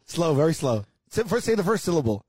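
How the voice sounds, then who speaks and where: A man trading playful teasing in casual banter. His voice is husky and dark, and it rises and falls freely. The sound is dry and close. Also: on the high side, big pitch swings, brisk, no echo.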